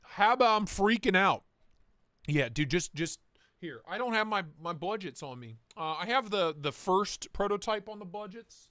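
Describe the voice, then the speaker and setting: A man's voice: sits high, animated, normal speed, pushed and bright, no room sound, clean studio sound. A young man hosting a casual livestream, chatting loosely with his viewers, swearing freely and reading their comments aloud. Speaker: livestream host.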